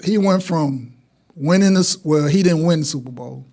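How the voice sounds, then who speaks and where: Animated man hosting a sports talk show. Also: a little high, moderate pace. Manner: animated, playful list-reading with announcer calls.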